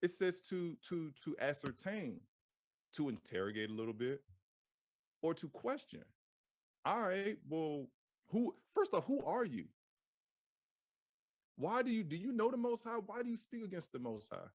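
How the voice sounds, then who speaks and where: A man gives a loose, slang-laced scripture lesson in a high, lively voice that swoops up and down. He keeps repeating himself and throwing out questions. The sound is close and dry. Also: a little slow, pauses often, no room sound. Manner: animated, repeats phrases, asks rhetorical questions; casual slang-laced delivery. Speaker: Bible teacher. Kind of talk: informal scripture teaching.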